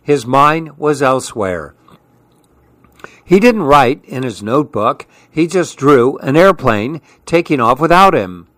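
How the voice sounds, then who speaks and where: A man hosting a radio children's story hour, reading picture books aloud in a gentle, friendly manner. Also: medium pitch, big pitch swings, a little slow, no room sound.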